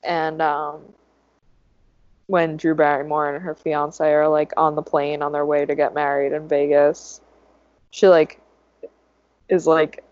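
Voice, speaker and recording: A woman with a lowish voice rambles through casual podcast chat, full of likes. The sound is dry, close and muffled, with a lo-fi edge. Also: little pitch movement, measured pace, darkish tone, no room sound. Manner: chatty, rambling, filler-heavy. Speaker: podcast co-host.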